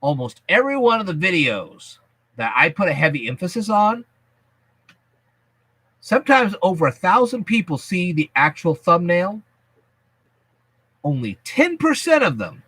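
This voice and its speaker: A man with a fairly high, bright voice that swings widely in pitch as he talks. He explains things to his viewers in a folksy, chatty and emphatic way. The sound is dry and close. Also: husky, no room sound. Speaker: YouTube channel host. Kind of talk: casual vlog explaining to viewers.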